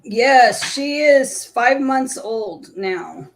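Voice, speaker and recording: A woman's voice: a little high, expressive, very slow. A woman hosting a casual live stream, chatting with viewers and cooing at her puppy.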